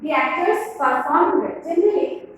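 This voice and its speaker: A woman teaching an English grammar class, explaining slowly with repeated examples and emphasis. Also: extremely high pitch, expressive, fairly bright tone, a little hiss or hum. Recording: echoey room with far-off mic and faint ambience.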